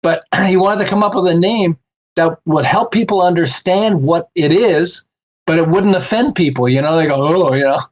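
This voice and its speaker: A man with a slightly high voice chatting casually as a podcast guest. He tells lively stories and acts out the voices of the people in them. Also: moderate pace. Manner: animated, acts out quoted voices with laughs. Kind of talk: casual storytelling chat.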